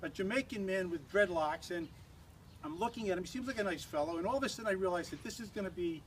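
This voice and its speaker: A man's voice: high voice, fast, a little hiss or hum. An older man giving a humorous toast at an engagement party, a rambling, teasing storyteller who restarts often.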